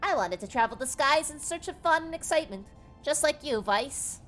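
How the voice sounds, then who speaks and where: A woman's voice: high-pitched, animated, normal speed, a bit bright, faint music behind, pitched above the performer's own voice. A woman voicing a pompous, wealthy, short old man with a nasal voice while reading a game's dialogue aloud. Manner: haughty, grandiose.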